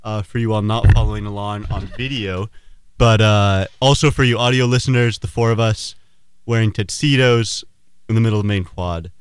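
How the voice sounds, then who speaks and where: A man's voice: on the low side, moderate pace, clean tone. A young man from Portland, Oregon, a college student, introducing himself in a dry, matter-of-fact way on an outdoor radio show. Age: young adult. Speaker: co-host. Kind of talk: casual chat. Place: outdoors on a campus quad.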